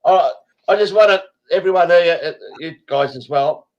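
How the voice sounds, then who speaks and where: A man's voice: fairly high pitch, normal speed, muffled recording. A man hosting a casual group chat over a video call, blunt and rambling, swearing often. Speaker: host.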